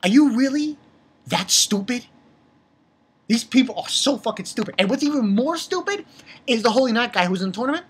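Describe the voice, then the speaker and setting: A woman's voice: a little high, lively intonation, fast talker, slight background noise. A woman reviewing manga chapters in a casual, profane, exasperated rant. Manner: exasperated, profane, heated outbursts.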